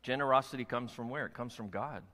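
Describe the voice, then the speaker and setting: A man preaching a sermon as pastor, animated and emphatic, with many rhetorical questions to his church. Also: mid-range voice, quick pace. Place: church sanctuary. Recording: long hall reverb.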